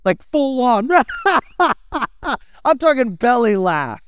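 A man, preaching a sermon in an animated, playful storytelling way. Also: high voice, moderate pace, clean tone, dry recording, clean studio sound. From United States. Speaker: pastor.

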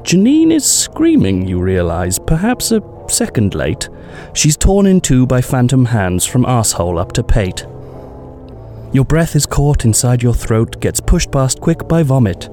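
A man's voice: medium pitch, big pitch swings, unhurried, dark tone, faint music behind. A man narrating a comic horror poem in rhyming verse with theatrical, swooping delivery.

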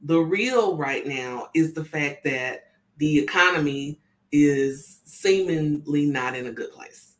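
Slow, chatty woman oracle reader. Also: low voice. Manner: chatty, checks in with listeners. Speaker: spiritual oracle card reader. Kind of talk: casual live card reading. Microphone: camera on tripod with ring light.

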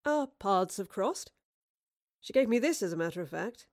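A woman's voice: mid-range voice, animated, normal speed, no room sound, natural voice. Lady reading a cheeky poet spy guy, theatrical and wry, storybook, dry mic. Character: charming roguish male poet and spy. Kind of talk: audiobook character reading.

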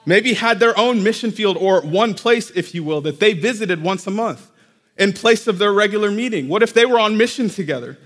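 A man preaches from the pulpit, and his voice sits fairly high. He talks to the congregation in a conversational way, checking in with them as he goes. Long reverb from the church hall trails after his words. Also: moderate pace, fairly bright tone. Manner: conversational, addresses congregation directly. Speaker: pastor. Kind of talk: sermon. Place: church sanctuary.

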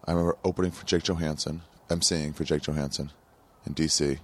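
A man guesting on a casual chat with fellow comedians, chiming in rapid-fire with his own stories. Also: rumbling low, fairly even intonation, slightly rough. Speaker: podcast guest. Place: rented home.

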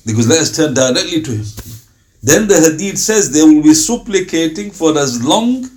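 A man's voice: on the high side, expressive, darkish tone. Man teaching a Quran class. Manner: asks rhetorical questions and reads verses slowly. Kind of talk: religious class lecture.

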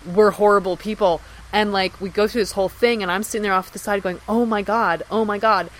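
Woman telling a lively story as a guest. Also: mid-range voice, quick pace, a little hiss or hum, poor audio. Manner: lively anecdote-telling, acts out quoted speech. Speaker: podcast guest. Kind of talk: casual storytelling.

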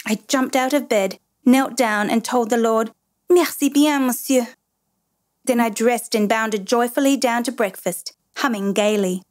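A woman reads a first-person storybook aloud in a lively, expressive voice. Her pitch sits in a middle range. She brings warmth and pacing to the tale. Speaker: narrator. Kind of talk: storybook reading.

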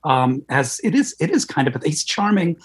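A man's voice: a little high, very animated, moderate pace, breathy edge. A man on a film podcast discussing a performance thoughtfully, stacking up restarts as he thinks.

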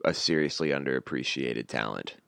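Very deep gravelly man, casual sports chat. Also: brisk, dry recording. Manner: blunt, wry, builds into animated rants. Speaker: podcast co-host.

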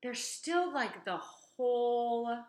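A woman in her thirties co-hosts a casual podcast chat, talking things through and reading aloud from a website. Her voice is a little high, expressive, slow and a little mellow. The room is echoey.

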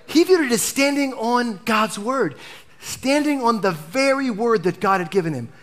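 Animated male pastor preaching a sermon. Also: extremely high pitch, moderate pace. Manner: animated preaching, dropping to a hush for emphasis.

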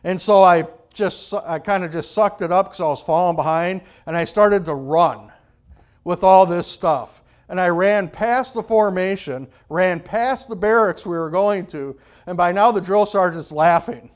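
A man preaching, telling a personal story in an animated, conversational way with frequent restarts. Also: sits high, a little slow. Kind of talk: storytelling sermon.

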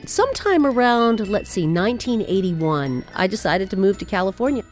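A woman telling a personal family story in an animated, wry way. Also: medium pitch, moderate pace, hardly any pauses, soft background music.

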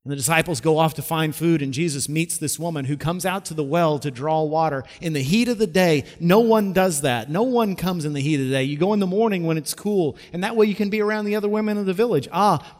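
A pastor preaching a sermon, telling stories and dropping from loud emphasis to hushed, slow lines. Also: male voice, fairly high pitch. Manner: storytelling preacher with wide swings between loud and hushed. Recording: long reverb of a large hall.

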